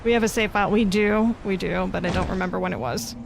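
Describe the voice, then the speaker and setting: This woman's medium-pitched voice is quick and creaky, and there's a faint hiss or hum on the recording. She's live-commentating a horror game, reading its text, chattering to herself, freaking out, and swearing.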